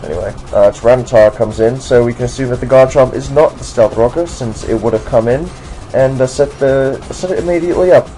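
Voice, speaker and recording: A man's voice: medium pitch, brisk, dark tone, soft background music, low-quality recording. An American man commentating a game match in a casual, rambling way, putting on a generic British accent. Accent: put-on generic British accent. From United States. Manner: rambling, many fillers and restarts.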